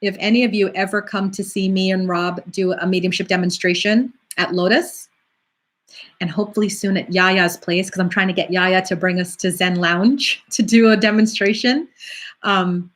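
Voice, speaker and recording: A middle-aged woman, a psychic medium, talking casually on a live stream and answering viewer questions in a chatty, animated way. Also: lowish voice. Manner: chatty, animated, acts out quoted voices.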